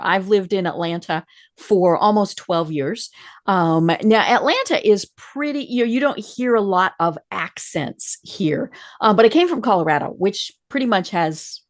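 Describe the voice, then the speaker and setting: Talk-show woman host: animated, conversational, quick to agree. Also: medium pitch. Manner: chatty, frequent affirming murmurs. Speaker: podcast host. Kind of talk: casual interview chat.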